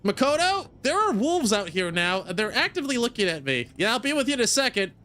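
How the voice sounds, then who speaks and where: Man putting on a high-pitched whiny young woman customer, pleading and impatient, loud and lively. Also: a little fast, exaggerated voice.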